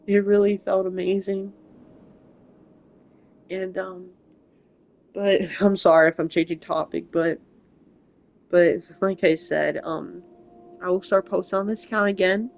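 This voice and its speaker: A young adult gaming channel host speaking in a halting, emotional, rambling way in a personal update vlog, recorded on a console mic. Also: mid-range voice. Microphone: console mic without camera.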